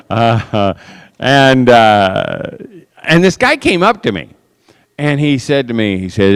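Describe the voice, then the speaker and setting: A man's voice: sits low, clear, resonant tone, big-room sound. A man speaking to an audience as a conference speaker, telling stories and acting out other people's voices. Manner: animated, acts out quoted voices. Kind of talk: storytelling talk to an audience.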